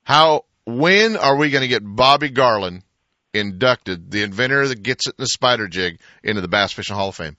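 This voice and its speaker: Bright-voiced man hosting a radio show. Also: mid-range voice, expressive, moderate pace, no echo, lo-fi sound. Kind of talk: casual radio interview.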